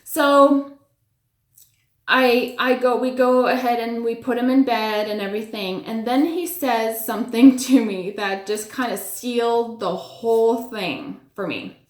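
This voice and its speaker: A woman's voice: on the high side, measured pace. A woman casually telling a personal story, full of "like" and "you know", acting out her own reactions as she goes. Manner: chatty, many "like" and "you know" fillers; animated retelling with acted-out reactions. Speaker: storyteller sharing personal spiritual experiences. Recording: echoey room.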